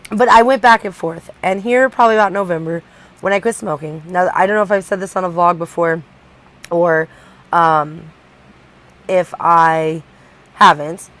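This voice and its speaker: Low-voiced woman vlogging candidly. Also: poor audio. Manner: candid, rambling, with many restarts. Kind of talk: personal confessional vlog.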